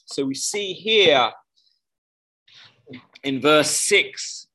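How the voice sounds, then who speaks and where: A man's voice: mid-range voice, expressive, measured pace, long pauses, bright, forceful tone, rough recording. A man preaching a sermon in a conversational way, often stopping to correct himself. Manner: conversational, with frequent self-corrections.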